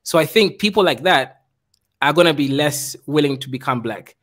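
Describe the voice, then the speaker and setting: A man's voice: fairly high pitch, animated, normal speed, fairly bright tone. A man leading a casual discussion, quizzing the others with wry questions.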